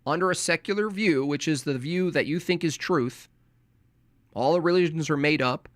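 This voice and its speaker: An American man giving sarcastic, argumentative commentary on a debate clip, speaking in rapid bursts. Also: a little high, dry recording. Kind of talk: casual commentary.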